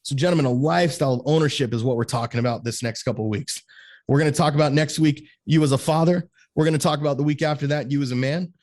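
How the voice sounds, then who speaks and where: A male host speaks with emphatic conviction, stacking repeated phrases as he drives his points home. His voice sits on the higher side for a man. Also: fast talker, darkish tone. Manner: emphatic, repeats words when building a point. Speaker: podcast host. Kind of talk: motivational talk to men.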